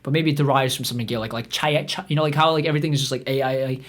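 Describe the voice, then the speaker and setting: A man's voice: medium pitch, steady tone, racing, a bit bright. A man hosting a comedy podcast, telling a meandering, profane story full of restarts and fillers. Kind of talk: rambling comic storytelling.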